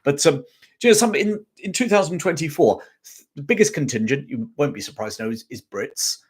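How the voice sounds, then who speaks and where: A man's voice: on the high side, animated, fairly quick, slightly rough. A man hosting a live history chat stream, reading out viewer comments in a chatty way, with many ums and restarts.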